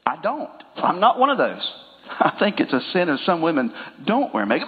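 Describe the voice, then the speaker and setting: A male pastor with a high voice preaches to his congregation, chatting with them and joking before slowing down to stress a point. The sound has the long echo of a church hall. It comes through a narrow, phone-like line. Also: huge pitch swings, background noise. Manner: conversational, jokes with the congregation, slows for emphasis. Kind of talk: sermon.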